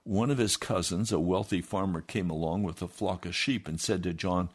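A man reading a first-person memoir aloud in a steady storytelling manner. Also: sits low, moderate pace, slightly rough. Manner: steady storytelling with lively acted quotes. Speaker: reader.

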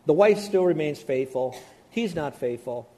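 A man preaching a sermon, animated, acting out the voices of doubters. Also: on the high side, normal speed. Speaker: pastor.

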